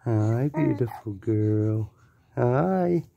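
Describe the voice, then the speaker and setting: A father in gentle, coaxing, sing-song baby talk with his infant. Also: medium pitch, expressive, extremely slow, vocal fry, highs cut off.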